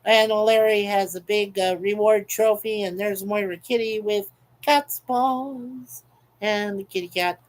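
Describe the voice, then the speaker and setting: A man's voice: sits high, steady tone, unhurried. A man hosting a casual livestream, chatty and playful as he reads viewer comments aloud. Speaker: livestream host. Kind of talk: casual live chat. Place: home in Canada.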